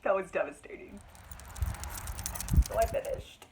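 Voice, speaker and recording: A woman's voice: medium pitch, a little slow, pauses often, dark tone, slight background noise, rough recording. A young woman in a casual reading vlog, talking emotionally and dramatically about a book she just finished, with frequent fillers. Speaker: book vlogger.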